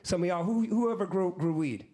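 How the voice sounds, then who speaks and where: There's slight background noise as a high-pitched man in his fifties, a musician guest, tells a story on stage at normal speed. Speaking casually with plenty of slang, he animatedly performs the lines of others from the conversations he describes.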